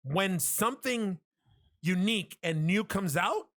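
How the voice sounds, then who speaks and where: Casual: cussing podcast guy, kinda high voice, gets animated retelling stuff, dry close mic. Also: measured pace, no room sound. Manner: profane, animated retelling with impressions. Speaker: podcast co-host.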